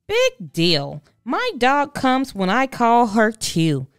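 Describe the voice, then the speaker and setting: A woman voicing a spiteful, sulky young girl with a shrill, whiny voice in a children's storybook. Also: wildly swooping pitch, takes it slowly, smooth, no echo, studio quality, soft background music, heavily acted.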